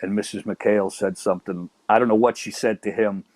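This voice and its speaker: A middle-aged man from Chicago's South Side, telling old neighborhood stories in a casual, animated chat. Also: lowish voice, fairly quick, dry recording. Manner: animated, acts out quoted voices. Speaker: guest storyteller.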